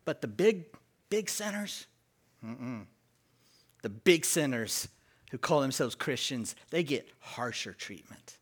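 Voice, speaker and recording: A man preaching as pastor, leading the congregation in call-and-response and stressing key words. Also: breathy edge. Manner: slow and emphatic with lively pitch swings. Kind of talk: sermon.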